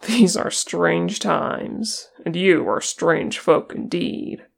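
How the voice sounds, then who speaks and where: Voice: medium pitch, extremely slow, creaky, exaggerated voice. A reader voicing a proud, suspicious male horse-lord captain with a guarded, bitter manner in an audiobook. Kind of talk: audiobook character reading.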